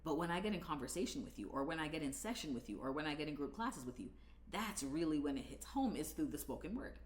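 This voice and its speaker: A woman in her thirties, casually telling a story about herself with lively, self-mocking humor. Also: deep voice, fast, roomy sound. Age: 30s. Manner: animated, laughs at herself, shouts out. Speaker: host.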